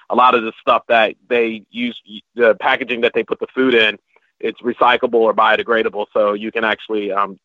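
A man's voice: fairly low pitch, dry recording. A man telling travel stories as a guest in casual chat, rambling with many restarts. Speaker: podcast guest. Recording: dry, slightly muffled lo-fi recording.

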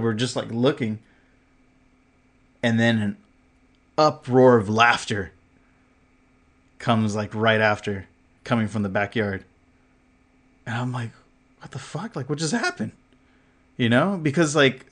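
Animated man telling a long story. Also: mid-range voice, normal speed, long pauses. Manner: animated storyteller, swears, laughs often; filler-heavy, acts out what others said. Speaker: podcast co-host. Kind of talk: casual storytelling chat.

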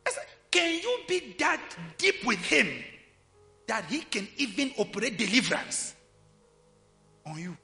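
A man preaching a sermon, swinging from quiet, intimate asides to loud shouting. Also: very high voice, very animated, a little slow, vocal fry, pauses often. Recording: long hall reverb, faint music behind.

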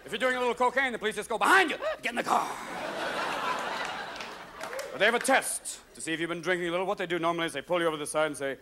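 High-voiced manic stand-up comedian. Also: male voice, noisy background. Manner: manic, rapid voice switching. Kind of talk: live stand-up routine. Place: theater stage before a live audience. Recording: live concert recording with loud crowd laughter. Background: audience laughing.

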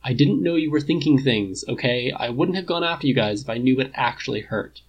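A man voicing a cocky but apologetic archer whose pitch jumps up when he gets excited. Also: fairly quick, slightly rough, highs cut off. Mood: sheepish. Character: sheepish cocky male archer, apologetic and goofy.

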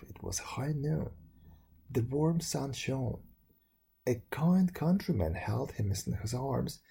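A man reading a folk tale aloud in a slow, measured, hushed storytelling voice. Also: medium pitch, gravelly, breathy edge. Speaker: narrator.

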